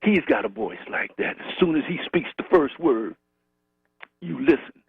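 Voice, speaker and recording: A man's voice: a little high, sing-song, normal speed, creaky, husky. A man calling in to a talk show, remembering a friend in rhythmic, repetitive storytelling. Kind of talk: call-in tribute remembrance. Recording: tinny phone line.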